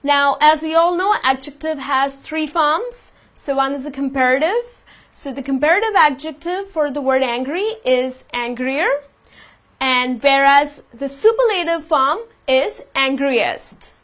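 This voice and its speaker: Female teacher, higher voice, patient and explanatory, lesson delivery. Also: lively intonation, a little slow, fairly bright tone. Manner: patient, explains with example sentences. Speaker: English teacher.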